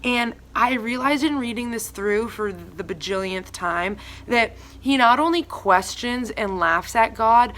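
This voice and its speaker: Young woman, bright clear voice, chatty devotional talk, lots of fillers. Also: a little high, unhurried, hardly any pauses, slight background noise. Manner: chatty, filler-heavy, animated retellings. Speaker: church member giving a devotional. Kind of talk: casual devotional talk with scripture reading.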